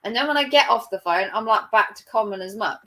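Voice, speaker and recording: A woman's voice: a little high, animated, fast, pushed and bright, poor audio. Woman, livestream host, casual rambling chat, lots of fillers. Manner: chatty, rambling, with many fillers.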